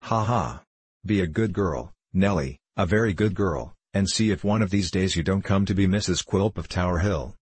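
A man's voice: deep voice, normal speed, husky, no room sound. A man reading the part of a gleeful, cruel grown male dwarf, coaxing in a leering way and then threatening savagely.

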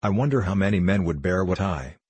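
A man's voice: sits low, animated, a little fast, darkish tone, husky, dry recording. A man voicing a pompous, temperamental star actor with icy, theatrical outbursts, in an audiobook reading. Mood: exasperated. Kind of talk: audiobook character voice.

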